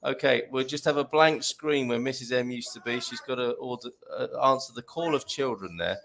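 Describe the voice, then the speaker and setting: A man's voice: mid-range voice, fairly quick, creaky, fairly bright tone. A man hosting a casual online chat on a video call, upbeat and reading out viewer comments. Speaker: host.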